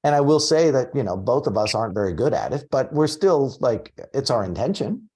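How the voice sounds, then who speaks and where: A man in his forties hosting a casual group coaching call, telling stories with animated energy. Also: mid-range voice, fairly quick, breathy edge. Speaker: host and coach.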